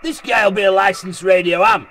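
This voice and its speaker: A man's voice: high-pitched, steady tone, normal speed, a bit bright. A man talking bluntly and swearing as he vlogs about radio from his vehicle on a hilltop. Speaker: radio hobbyist vlogger. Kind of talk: casual ranting vlog. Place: vehicle parked on a hilltop outdoors.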